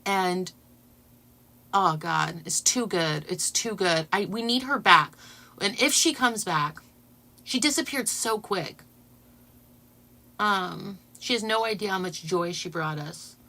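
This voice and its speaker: A woman hosting a casual livestream, chatting excitedly with her viewers and laughing as she talks. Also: medium pitch, takes it slowly, pauses often. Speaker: channel host.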